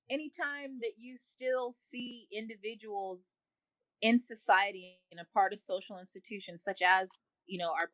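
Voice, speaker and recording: A woman's voice: mid-range voice, a bit bright, dry recording, rough recording. A woman joining a talk show as guest host, giving her views earnestly and searching for words. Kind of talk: opinion discussion.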